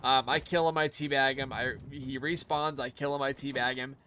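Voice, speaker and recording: A man's voice: medium pitch, fairly even intonation, normal speed, bright, forceful tone, slight background noise. Rambling, profane gamer guy. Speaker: gaming streamer. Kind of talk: casual gaming commentary. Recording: gameplay with clear gunfire behind. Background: game gunfire.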